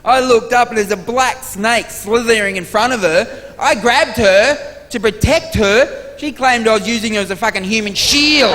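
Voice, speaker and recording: A man doing stand-up comedy with an Australian accent, telling exasperated, profane stories with sudden loud outbursts to a live audience. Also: sits high. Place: large theatre stage before a live audience. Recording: live theatre recording with long hall reverb and audience noise.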